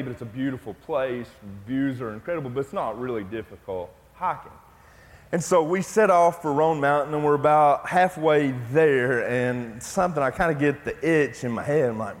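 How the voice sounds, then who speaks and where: Storytelling pastor in a reverberant church. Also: male voice, mid-range voice. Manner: storytelling, conversational, then hushed and intimate in prayer. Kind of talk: sermon with personal story. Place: church sanctuary.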